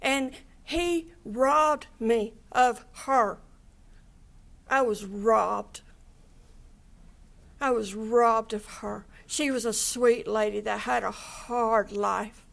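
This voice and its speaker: A woman's voice: on the high side, extremely slow, vocal fry. An older woman giving an angry, impassioned statement in a courtroom, swearing and with her voice breaking into tears. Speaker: victim's family member giving an impact statement.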